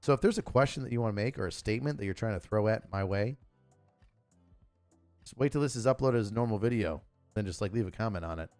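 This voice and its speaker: A man hosting his own live stream, talking casually in a loud, crude, joking and rambling way. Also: on the low side, quick pace, soft background music. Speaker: channel host.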